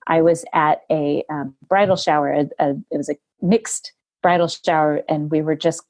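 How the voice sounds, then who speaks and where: A woman hosting a podcast, telling a personal story in a lively, conversational way. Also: low voice, moderate pace. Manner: animated, laughs while telling stories. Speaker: podcast host.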